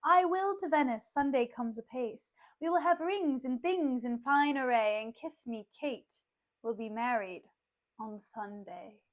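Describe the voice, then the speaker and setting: A woman doing a swaggering young male suitor. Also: unhurried. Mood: grand. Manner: theatrical, lowered mock-manly delivery. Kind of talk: dramatic reading of a play.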